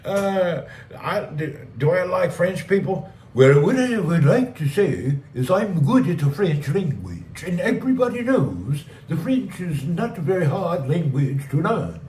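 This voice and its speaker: A man's voice: high-pitched, big pitch swings, a little slow, darkish tone, slight background noise. A man hosting a casual live stream, rambling and joking as he reads and answers chat messages. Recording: roomy, distant mic with faint ambience.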